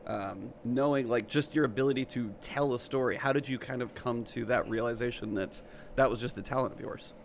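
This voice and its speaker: A man's voice: medium pitch, brisk, a little hiss or hum. A man co-hosting a gaming podcast who asks rambling questions and laughs easily. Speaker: podcast co-host. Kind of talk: casual podcast interview.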